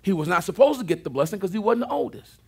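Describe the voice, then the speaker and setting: A man preaching a sermon, telling the story with lively asides. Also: high-pitched, fast talker, creaky, slightly rough. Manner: animated storytelling with asides and laughs. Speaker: pastor.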